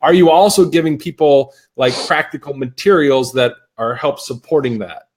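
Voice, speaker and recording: A man's voice: mid-range voice, normal speed, slightly rough. A man hosting a live video interview, affirming his guest and reading viewer questions with lots of fillers. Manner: enthusiastic, affirming, many "like"s. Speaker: interview host.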